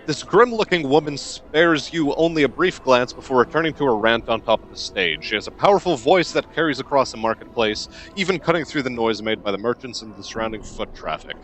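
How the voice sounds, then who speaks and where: A man playing a role-playing game, reading its text aloud with low-key remarks. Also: expressive, fairly quick, hardly any pauses, a bit bright, soft background music. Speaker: let's player.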